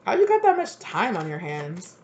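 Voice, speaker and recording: A woman's voice: fairly low pitch, wildly swooping pitch, normal speed, darkish tone, muffled recording, a little hiss or hum. A woman doing a casual tarot reading for her channel, chatty and blunt and full of fillers. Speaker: tarot reader.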